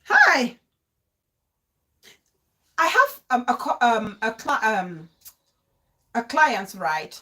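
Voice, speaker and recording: Animated woman hosting a live show. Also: fairly high pitch, extremely slow, pauses often. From Cameroon. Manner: animated, laughs often, frequent restarts. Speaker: talk show host. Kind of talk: live-stream talk show, reading viewer comments.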